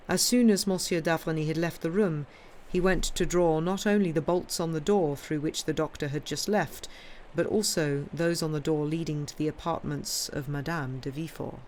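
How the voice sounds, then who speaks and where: A woman streamer reading a classic novel aloud in a steady, clear narration. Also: sits low, slight background noise. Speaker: audiobook reader and streamer.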